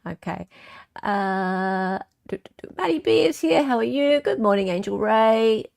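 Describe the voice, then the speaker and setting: A woman's voice: a little high, expressive, a little slow, gravelly, a little mellow. An Australian woman hosting a casual livestream, chatting with viewers, reading their comments, and ranting freely. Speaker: livestream host.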